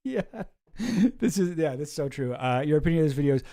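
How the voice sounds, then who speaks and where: A man's voice: fairly high pitch, sing-song, moderate pace, pauses often, mellow. A man hosting a casual livestream, rambling and chuckling as he reacts to chat. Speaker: streamer host.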